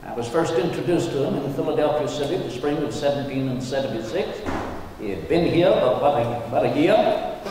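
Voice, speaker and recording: A man's voice: medium pitch, animated, a little fast, noisy background. A man interpreting a historical statesman on stage, speaking in a genteel, ornate period style, recorded in a large auditorium. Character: Thomas Jefferson, courtly learned statesman. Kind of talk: first-person historical portrayal. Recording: echoey hall from far off.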